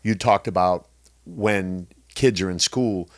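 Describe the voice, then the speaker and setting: A man's voice: low-pitched, takes it slowly, dry recording, clean studio sound. A middle-aged man hosting a podcast interview, emotional and emphatic as he gives direct advice. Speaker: podcast host. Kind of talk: conversational interview.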